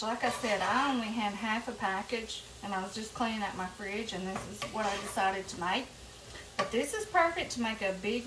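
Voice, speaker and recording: Chatting casually to "y'all," a home cooking show host with a slightly high voice demonstrates a dish in her kitchen. The distant mic picks up echo and heavy background noise from food sizzling and frying on the stove.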